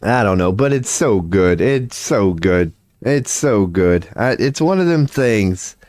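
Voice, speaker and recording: Forties dude rambling on stream, cusses a lot, lowish voice, dry close sound. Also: male voice, lively intonation, slow pace, a little mellow, no room sound. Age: 40s. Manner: rambling, profane, laughs often. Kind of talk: casual livestream chat.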